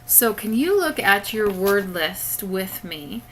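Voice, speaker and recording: A woman's voice: mid-range voice, big pitch swings, slow, a bit bright, a little hiss or hum, rough recording. A woman teacher giving a recorded spelling lesson to children, patiently explaining each step through a webcam.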